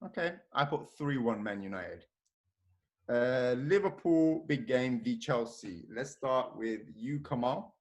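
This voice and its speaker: A man's voice: mid-range voice, expressive, a little mellow. A man hosting a casual football podcast, prompting friends through the predictions and keeping the chat moving. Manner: runs the segments, quick-fire prompting. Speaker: podcast host.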